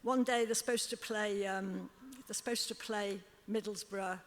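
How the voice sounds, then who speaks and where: Telling stories as an on-stage interview guest at a club, an older Liverpool woman speaks at a normal speed in a steady, medium-pitched voice. She often laughs as she acts out others' words for the audience, and long hall reverb fills the recording.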